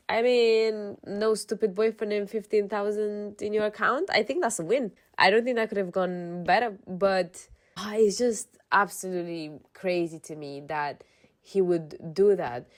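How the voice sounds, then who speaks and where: A woman's voice: mid-range voice, unhurried. A woman reading relationship posts aloud in a casual storytime, then breaking off to rant with exasperated outbursts and some swearing. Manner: reads posts then rants with animated outbursts.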